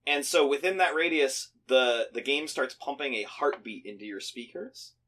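A young man chatting casually as a podcast co-host, telling animated stories, swearing often and laughing. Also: medium pitch, normal speed. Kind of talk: casual chat.

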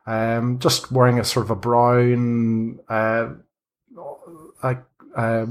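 Guy running a tabletop game, halting, lots of ums and uhs. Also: mid-range voice, flat delivery. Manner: halting, full of fillers. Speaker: game master.

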